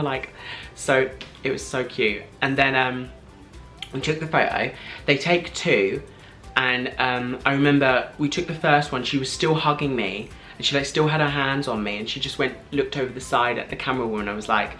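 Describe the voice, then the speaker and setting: A man in his twenties, telling a story to camera in an excited, gushing way, full of "like" and breathless restarts. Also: mid-range voice, soft background music. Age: 20s. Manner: gushing, fast, filler-heavy with frequent "like". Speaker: vlogger.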